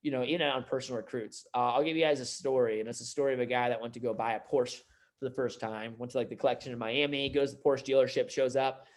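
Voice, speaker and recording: A man running a sales team meeting, giving an energetic motivational talk full of "like" and "you know". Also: mid-range voice, fast talker.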